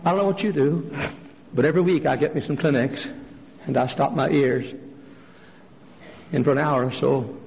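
A male pastor preaching a sermon in a church, swinging from hushed storytelling up to impassioned shouted refrains. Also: steady tone, moderate pace, gravelly, long pauses. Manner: impassioned preaching, climbing to shouted refrains, dropping low for stories. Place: church sanctuary. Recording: lo-fi recording with long hall reverb.

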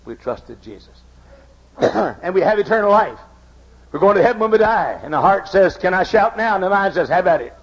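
A man preaching a sermon, telling stories and acting out the voices in them, going from quiet to shouting. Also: high voice, very animated, moderate pace, breathy edge. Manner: dramatic, acts out voices, swings from soft to shouting. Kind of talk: sermon with storytelling. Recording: dull lo-fi recording.

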